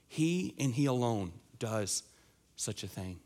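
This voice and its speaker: A man's voice: medium pitch, animated, measured pace. A young man preaching a sermon, earnest and emphatic, his voice swelling and dropping as he makes his points. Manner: earnest, emphatic preaching with wide swings in loudness. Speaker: pastor.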